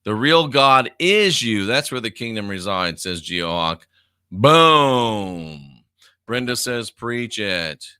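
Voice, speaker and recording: A man's voice: on the low side, lively intonation, measured pace, few pauses, pushed and bright, smooth, dry recording, studio quality. A man in his fifties hosting a live stream, reading viewer comments aloud in a blunt, profane, casual way and laughing often. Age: 50s.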